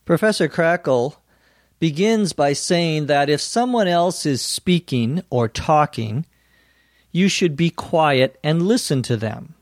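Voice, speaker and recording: A male teacher explains English phrases to learners, speaking slowly and clearly. He sounds close to the mic in a dry room with no echo. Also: fairly high pitch, expressive. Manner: slow, clear explaining with acted example lines. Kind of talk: scripted explanation for language learners.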